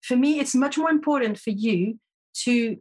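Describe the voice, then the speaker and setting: A woman with a somewhat husky, slightly high voice speaks as a podcast guest. She explains her method earnestly and patiently, often restarting her sentences. Her first language is French. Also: normal speed, darkish tone. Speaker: podcast guest, intuition teacher. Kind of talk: conversational interview.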